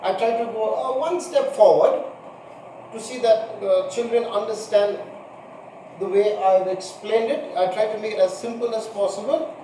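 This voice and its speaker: High-voiced male teacher in an echoey room. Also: normal speed, mellow. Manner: patient, repeats points and spells out examples. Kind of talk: recorded grammar lesson. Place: room with a board. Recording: echoey room, mic far off, faint hiss.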